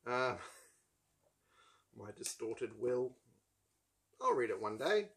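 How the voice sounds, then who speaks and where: A man's voice: medium pitch, very animated, very slow, vocal fry, fairly bright tone. A man from New Zealand with a New Zealand accent, hosting a casual book chat in a rambling, wry way, full of ums and asides. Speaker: book channel host.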